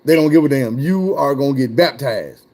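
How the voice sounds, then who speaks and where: A man's voice: mid-range voice, lively intonation, normal speed, a little mellow. A man telling a wild personal story in casual, profane chat, his voice jumping up when he gets worked up.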